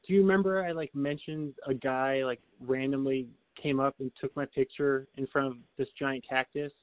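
A male podcast co-host tells a long, rambling story in casual chat, full of restarts and little laughs. His mid-range voice has fairly even intonation at normal speed, with a dry, phone-quality recording.

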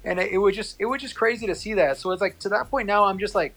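A man in casual chat, telling a story in a profane, animated way and acting out quoted lines. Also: sits high, quick pace, low-quality recording.

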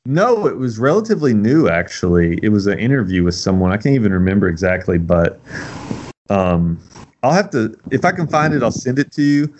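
Young male co-host, low and lively, rambling, lo-fi sound. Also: fairly quick, slight background noise. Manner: rambling, searching for words. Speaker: podcast co-host. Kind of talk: casual chat. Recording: dull lo-fi audio.

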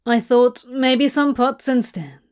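A woman's voice: high-pitched, slow pace, darkish tone, clean tone. A woman voicing Crowley, a guarded young man who gives short, cautious replies, in a fanfic reading.

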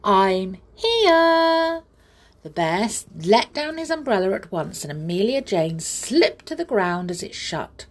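A woman reading a children's story aloud with expressive, slow delivery and whispered asides. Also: mid-range voice.

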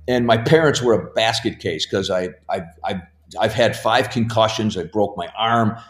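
A man's voice: fairly low pitch, normal speed. A man guest casually telling rambling stories at home, laughing as he goes. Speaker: podcast guest. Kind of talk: casual storytelling. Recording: roomy echo.

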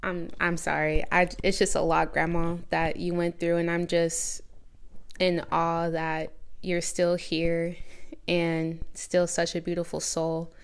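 A young adult woman hosting a podcast, asking gentle, hesitant questions in an interview. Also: fairly low pitch, monotone, slow, clear, resonant tone. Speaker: podcast host.

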